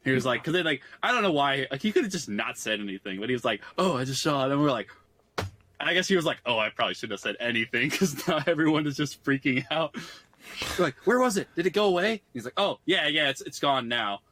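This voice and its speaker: Bright-voiced man rambling on a podcast. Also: medium pitch, animated, fast, no echo. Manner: rambling, many "like" fillers, laughs often. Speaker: podcast co-host. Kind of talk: casual chat.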